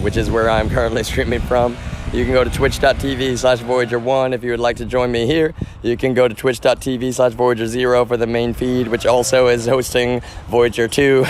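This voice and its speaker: A man's voice: medium pitch, slight background noise. A man streaming live outdoors on a phone, rambling and profane, often calling out to "y'all".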